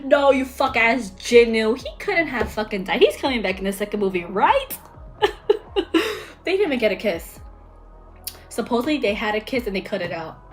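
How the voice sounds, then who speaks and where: A woman's voice: fairly high pitch, big pitch swings, normal speed, pauses often. A woman in her twenties reacting to music, emotional and swearing constantly. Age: 20s. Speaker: reaction youtuber. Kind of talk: casual reaction chat with singing along. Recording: music playing loudly behind.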